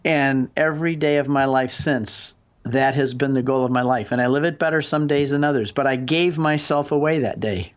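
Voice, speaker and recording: A man's voice: mid-range voice, normal speed, few pauses, smooth, highs cut off. A man in his sixties, a guest on a call-in radio show, telling his story in an earnest, emphatic way. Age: 60s.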